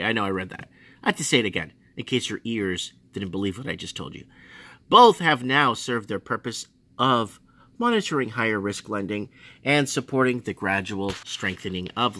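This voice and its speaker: A man's voice: pushed and bright, dry recording. Sarcastic man ranting over finance news. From Australia. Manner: sarcastic, swings from muttering to mocking high outbursts. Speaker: finance commentator.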